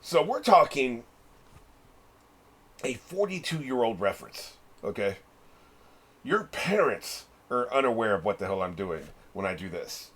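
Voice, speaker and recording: A man's voice: medium pitch, sing-song, a little slow, long pauses, a bit bright, breathy edge. A middle-aged man hosting a reaction video, chatting casually as he watches, swearing freely and laughing often. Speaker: reaction channel host.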